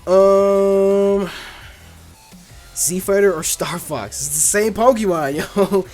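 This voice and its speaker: A man's voice: high voice, takes it slowly, darkish tone, soft background music. A man hosting a casual gaming channel, answering viewer questions in a laid-back, blunt way with lots of fillers. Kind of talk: casual Q&A chat.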